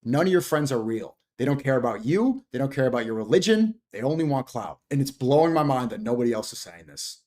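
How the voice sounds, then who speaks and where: A man's voice: mid-range voice, animated, a little fast, few pauses, a little mellow. A man delivering an earnest, preachy warning about faith and temptation. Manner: earnest, moralizing.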